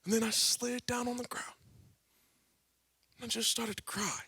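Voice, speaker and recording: A man telling a personal testimony in church, a dramatic storyteller who swings between hushed tones and shouting. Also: very high-pitched, fairly even intonation, moderate pace, gravelly, breathy edge, no echo. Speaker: guest speaker.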